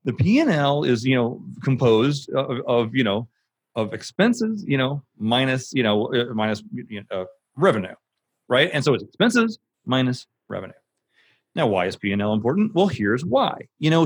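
A man who runs an audiobook production company, speaking as a guest in a casual interview, animated and emphatic and swearing for emphasis. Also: medium pitch, normal speed, slightly rough, dry recording.

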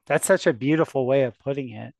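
A man's voice: medium pitch, fast talker, gravelly, no room sound. Enthusiastic man with a dry close sound. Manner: warm, enthusiastic, stumbling restarts. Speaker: podcast host. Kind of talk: casual conversation.

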